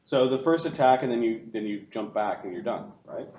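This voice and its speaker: A man running a tabletop game as game master, giving quick rulings and describing the scene with many restarts. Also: medium pitch, mellow. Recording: roomy, slightly dull audio with faint room noise.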